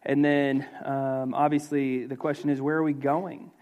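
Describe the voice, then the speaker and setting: A man's voice: mid-range voice, little pitch movement, unhurried, a little mellow. A man pastor preaching a sermon in a loose, conversational way, with many filler words and restarts.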